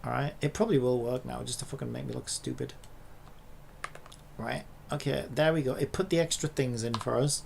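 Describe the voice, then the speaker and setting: A man's voice: medium pitch, steady tone, fairly quick, creaky, a little hiss or hum. A man in a casual coding vlog who swears and rants in exasperation at his screen. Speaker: hobby programmer.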